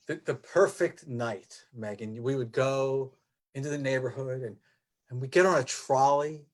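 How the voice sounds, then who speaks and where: A man playing a soothing children's TV host in an improv scene over a video call, talking slowly and tenderly. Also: medium pitch, natural voice.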